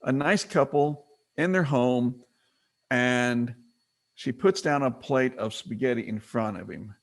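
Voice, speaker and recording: A middle-aged man leads a business training webinar in an easy, conversational teaching manner. His voice has a gravelly edge and sits at a medium pitch. He drops into short acted quotes when he retells a story. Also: takes it slowly. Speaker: webinar presenter.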